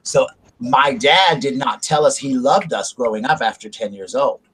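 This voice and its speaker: A man's voice: mid-range voice, normal speed, a bit bright, breathy edge. A middle-aged man from South Carolina hosting a casual chat, talking openly and rambling about family and feelings. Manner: open, rambling, confessional. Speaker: host.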